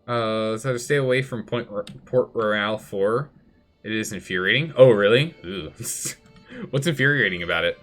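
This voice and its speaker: A man's voice: mid-range voice, animated, moderate pace, a bit bright, soft background music. A man streaming a strategy game live, chatty, thinking aloud and answering chat as he plays. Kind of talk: live gameplay commentary.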